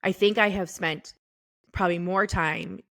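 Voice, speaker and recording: A middle-aged woman co-hosting a podcast, talking about her faith in a halting, tearful way. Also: on the low side, fairly even intonation, dry recording, studio quality. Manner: tearful, halting, soft-spoken. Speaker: podcast co-host. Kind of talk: casual faith chat. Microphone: podcast microphone.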